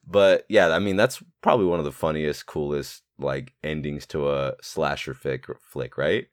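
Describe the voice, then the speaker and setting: A man's voice: normal speed, no echo, clean studio sound. A young man co-hosting a podcast, chatting casually about a film, swearing freely and acting out lines. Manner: swears freely, acts out characters' lines in a squeaky high voice. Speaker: podcast co-host.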